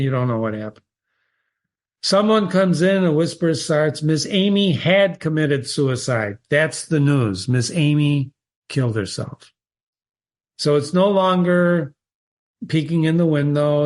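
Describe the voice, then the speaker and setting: A man reading a short story aloud and pausing to analyze it, with musing, thoughtful asides. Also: on the high side. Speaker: literature teacher and reader.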